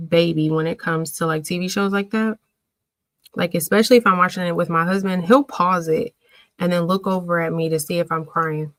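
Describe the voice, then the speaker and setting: A woman hosting a casual livestream, chatting with viewers and answering their comments in an emotional, animated way. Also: on the low side, no room sound, poor audio. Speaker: livestream host.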